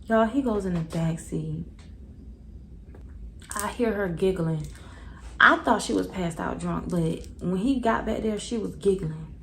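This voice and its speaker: Animated young woman with gravelly fry. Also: fairly low pitch, measured pace, long pauses, a little hiss or hum, poor audio. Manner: animated, slangy, talks straight to viewers. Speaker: vlogger. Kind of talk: casual storytime.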